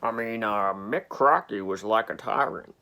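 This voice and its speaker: A man's voice: on the low side, a little slow, sharp tone, slight background noise. A man speaking hesitantly, with lots of fillers, as an interviewee in a comedy mockumentary. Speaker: mock documentary interviewee.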